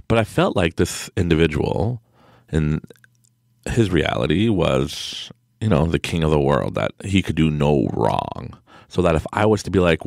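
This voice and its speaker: A man talks through a casual podcast monologue in a very low, gravelly voice that rises and falls a lot. He rambles with plenty of fillers and acts out mocking quotes of other people. The sound is dry and close. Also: expressive, moderate pace, dry recording. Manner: rambling storytelling with many fillers and mock quotes. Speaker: podcast host.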